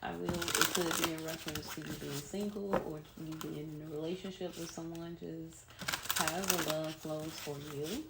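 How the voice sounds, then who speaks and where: A woman's voice: sits low, fairly even intonation, moderate pace, vocal fry. A woman giving a chatty, soothing tarot reading to her viewers. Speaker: tarot reader. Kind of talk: casual spiritual reading. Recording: echoey room with noise.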